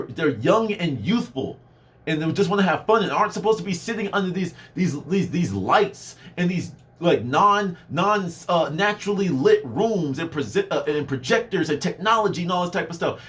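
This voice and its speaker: A man vlogging a casual, animated rant, swinging his voice up and down and mimicking people he talks about. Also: sits high. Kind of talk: casual ranting monologue.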